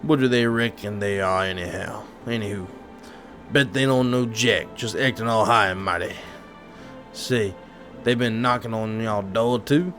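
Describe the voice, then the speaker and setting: A man's voice: fairly low pitch, measured pace, a bit bright, faint music behind. A man voicing a folksy, grumbling stranger at the door in a game, in a put-on Southern US accent and calling people darling.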